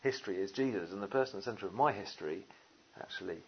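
A man preaching a sermon, lively and conversational, with jokey asides and many fillers. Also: lowish voice, fast talker, husky, lo-fi sound. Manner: animated, jokey asides, frequent "uh" and "you know".

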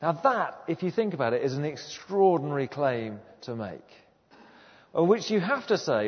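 A man's voice: on the high side, very animated, normal speed, breathy edge. A man preaching a sermon to his congregation in a conversational way, putting questions to them. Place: church. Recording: dull, distant church sound with long reverb.

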